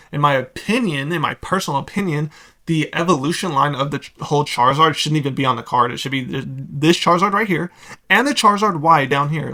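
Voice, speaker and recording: A man's voice: on the high side, bright, forceful tone. A young man hosting a card-collecting video, giving blunt, sarcastic market commentary in a casual, opinionated way. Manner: blunt, sarcastic, rapid asides.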